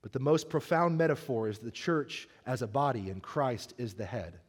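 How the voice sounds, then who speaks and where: A man as pastor, preaching a sermon, telling a funny story and then turning earnest and soft. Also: mid-range voice, expressive, normal speed, husky, big-room sound.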